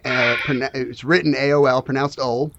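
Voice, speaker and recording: A woman acting as game master, calling out timers and narrating in a measured way. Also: very deep voice, steady tone, no echo, lo-fi sound. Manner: measured, announcing timers and rulings.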